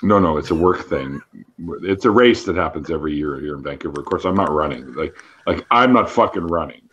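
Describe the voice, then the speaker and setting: Low husky-voiced host who laughs a lot. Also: male voice, lively intonation, a little fast, a bit bright, highs cut off. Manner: laughs often, swears casually, stammers on restarts. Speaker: livestream host. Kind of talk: casual group chat.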